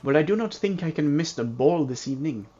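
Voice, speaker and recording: A man reading the lines of a composed young woman guest at a manor, in her early thirties, in a formal, polite and measured way. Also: a little high, lively intonation, mellow, slightly rough, voice pushed up. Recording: dull lo-fi with faint hiss.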